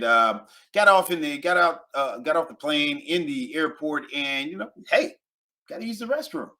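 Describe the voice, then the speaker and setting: A man, teaching travel phrases in a casual, animated video lesson and repeating each phrase. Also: medium pitch. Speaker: Spanish teacher.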